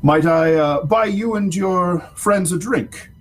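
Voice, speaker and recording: A man's voice: high-pitched, takes it slowly, pitched above the performer's own voice. A man doing a sly, courtly noble patron. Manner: genial, courtly, smooth-talking. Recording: faint background music.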